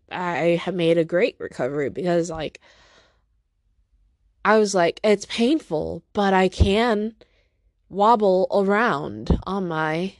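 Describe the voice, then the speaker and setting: A fairly low-voiced woman hosts her podcast solo from home, rambling casually while teary from crying, mocking herself and stopping to talk to her cat, in a dry, studio-quality recording.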